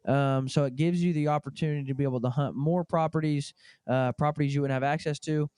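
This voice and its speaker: A man's voice: a little high, fairly even intonation, fast, mellow, clear, resonant tone, no echo, clean studio sound. A Midwestern man hosting a podcast, chatting friendly with his guest and giving a sponsor plug. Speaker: podcast host. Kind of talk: casual interview chat.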